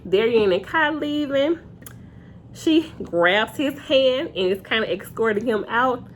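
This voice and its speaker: A woman's voice: fairly high pitch, lively intonation, a little slow, a little hiss or hum. A young woman giving a casual, opinionated reality TV recap straight to her viewers on a phone camera. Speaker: reality TV reviewer.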